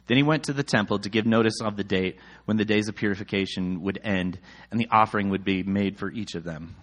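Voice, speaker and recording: Thirties guy reading bible passages then goofing on them, voice jumps all over, pretty casual. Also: on the low side. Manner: animated, jokey, exasperated asides. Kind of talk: casual scripture reading and commentary.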